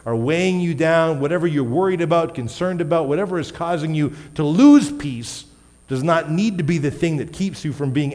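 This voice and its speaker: Conversational pastor in a reverberant church hall. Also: male voice, mid-range voice, darkish tone. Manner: conversational, asks the congregation questions, self-correcting with light laughs. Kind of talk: sermon.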